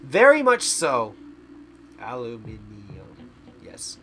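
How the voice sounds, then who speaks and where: Lively, bright-voiced male streamer rambling. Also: medium pitch, moderate pace, faint music behind. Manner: rambling, stumbles over words. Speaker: VTuber streamer. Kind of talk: casual gaming stream chat.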